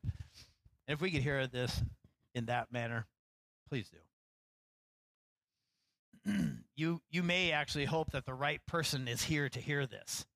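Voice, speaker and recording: A man, a pastor, preaching a sermon in a relaxed, conversational way, acting out lines with rising animation and poking fun at himself. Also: mid-range voice, a little slow, pauses often, no room sound, low-quality recording. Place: church.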